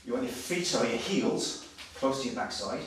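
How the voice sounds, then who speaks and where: A slightly breathless male personal trainer demonstrating exercises, giving brisk, direct coaching with frequent check-ins. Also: mid-range voice, expressive. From Wales. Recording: very echoey, distant, noisy room sound.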